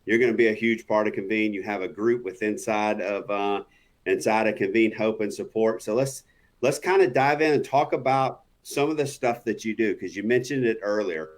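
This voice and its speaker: A man's voice: lowish voice, normal speed. A man hosting an interview podcast, easygoing and affirming, with frequent "yeah" and "uh". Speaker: podcast host. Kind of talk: casual interview chat.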